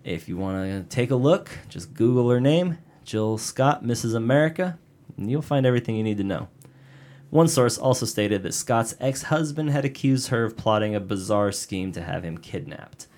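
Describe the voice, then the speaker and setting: A man's voice: mid-range voice, animated, moderate pace, a little mellow. A man co-hosting a casual podcast, reading out a story with joking asides. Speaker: podcast co-host narrating a case. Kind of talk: casual podcast chat with read narration.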